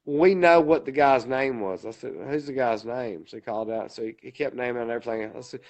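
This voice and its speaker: A man co-hosting a podcast speaks fairly quickly in a medium-pitched, darkish voice, muffled by the recording. He rambles through a lengthy story in casual fashion, quoting every line as "he said, I said."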